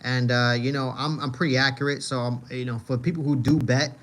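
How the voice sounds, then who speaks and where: A man's voice: mid-range voice, steady tone, fairly quick, fairly bright tone. A man from Manhattan with a New York accent, hosting a casual livestream and answering chat. He rambles, repeats phrases and keeps saying "you know what I mean.". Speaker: livestream host reading chat.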